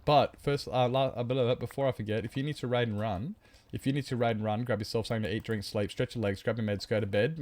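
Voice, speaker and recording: A man's voice: lowish voice, darkish tone. A man chatting on a live game stream, rambling, greeting viewers and joking about himself.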